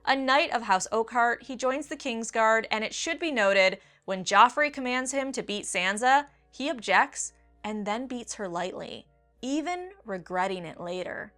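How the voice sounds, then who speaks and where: A woman hosting a countdown video, talking excitably, swearing freely and acting out quotes. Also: fairly high pitch, a little slow, faint music behind. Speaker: book video host. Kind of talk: enthusiastic countdown commentary.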